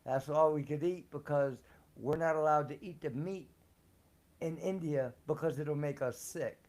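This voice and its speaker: This storyteller's voice sits on the high side, a little mellow, with a measured pace. He's sharing personal stories on a live show in a casual, slangy, profane way, laughing a lot as he goes.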